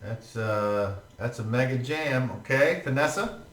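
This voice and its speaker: A man's voice: mid-range voice, measured pace, a bit bright, recorded from a distance. A man running a tabletop game as game master, narrating playfully and laughing often. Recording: echoey room, faint music.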